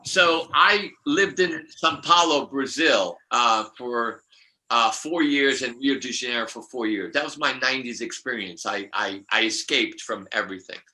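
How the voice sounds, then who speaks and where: A man's voice: mid-range voice, normal speed, bright, forceful tone, rough recording. An older man, a numerologist guest, telling rambling spiritual stories with many restarts and laughs.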